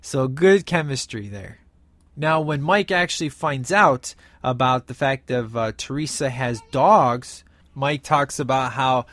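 A man's voice: mid-range voice, measured pace, fairly bright tone, no room sound. A man casually recapping his favorite film scenes, enthusiastic and rambling with many fillers. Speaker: film reviewer.

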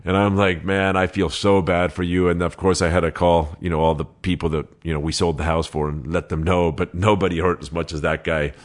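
A man who is a real estate agent, telling anecdotes in an interview, lively and laughing, quoting people as he goes. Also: low voice, fairly quick, hardly any pauses. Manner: animated anecdotes with laughs and quoted dialogue. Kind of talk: interview storytelling.

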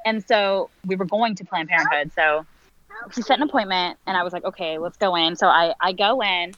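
A woman's voice: lowish voice, fairly quick, a bit bright, dry recording, highs cut off. A woman in her late twenties telling a personal story in conversation, candid and full of fillers, acting out the lines of others. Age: 20s. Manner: candid, filler-heavy, reenacts dialogue. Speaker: guest.

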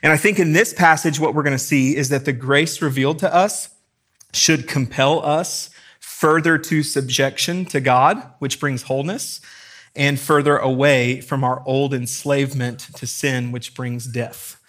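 A man's voice: medium pitch, steady tone, a little slow, a bit bright. A man preaching a sermon to his congregation in a conversational, emphatic way, acting out quotes and questions. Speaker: pastor. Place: church room with congregation.

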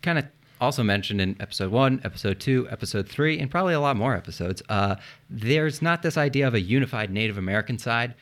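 A man's voice: mid-range voice, expressive, fast talker. A man hosting a casual history podcast, explaining events with jokes and swearing, spelling tricky names aloud. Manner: joking, swears, spells words out loud. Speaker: podcast host telling history.

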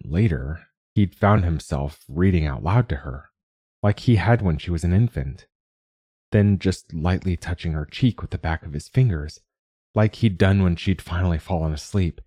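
A man narrating a science fiction short story in a calm, measured storytelling manner. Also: deep voice, husky, dry recording, clean studio sound. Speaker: narrator and podcast host.

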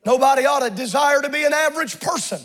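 A man pastor preaching a fiery sermon in a church, often shouting in a rhythmic preaching cadence. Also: very high-pitched, quick pace. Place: church sanctuary with congregation.

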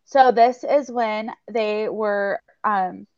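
A young woman co-hosting a casual book-club podcast, her voice mid-pitched and heard through a dull, lo-fi mic. She talks with eager enthusiasm and says "like" a lot. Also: fairly even intonation, extremely slow, a little mellow, clear, resonant tone. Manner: chatty, enthusiastic, heavy use of "like". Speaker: podcast co-host.

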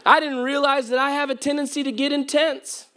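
A man's voice: very high-pitched, fairly quick, a loud crowd, heavy background noise. A man preaching a sermon as pastor, telling humorous stories to his congregation. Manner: humorous, animated storytelling to a congregation. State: voice cracking at times.

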